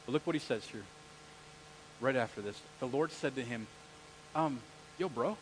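A man's voice: medium pitch, moderate pace, slight background noise, poor audio. A male pastor preaching a conversational sermon in a church and asking the congregation questions as he goes.

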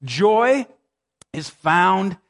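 A man in his thirties, a pastor, preaching a sermon with dramatic scripture reading and lively, conversational storytelling. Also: high voice, drawn-out words, gravelly. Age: 30s.

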